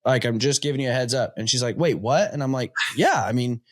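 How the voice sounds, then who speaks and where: A man in his thirties hosts a relaxed interview, wandering into long stories. He talks in a chatty, rambling way, with plenty of fillers along the way. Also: medium pitch, fast. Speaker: podcast host. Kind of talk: casual interview chat.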